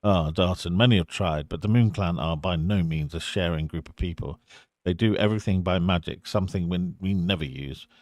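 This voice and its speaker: A man voicing a wary tribal chieftain who speaks in a measured, grave way. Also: sits low, no room sound, studio quality, close to an everyday voice.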